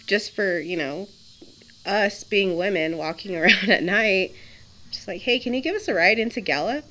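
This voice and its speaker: A young woman recounts a personal story in a loose, conversational way. She talks chattily, with plenty of fillers, restarts and little laughs, at a middle pitch. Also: fairly bright tone. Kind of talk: casual spoken storytelling.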